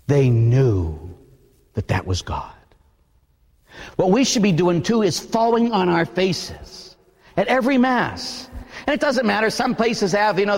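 Male priest, sermon, lively swooping delivery, church hall reverb. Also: fairly high pitch. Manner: animated storytelling, preaching with emphatic questions.

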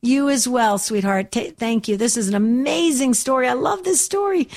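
A woman's voice: a little high, moderate pace, a little mellow. A woman hosting a call-in radio show, talking in an effusive, gushing way with many repeats.

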